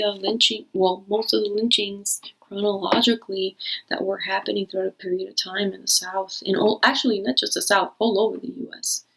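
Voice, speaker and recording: On a low-quality recording, a woman with a medium-pitched, creaky, fairly bright, slightly rough voice hosts her reading channel. As a tarot reader, she chats casually and rambles with many restarts.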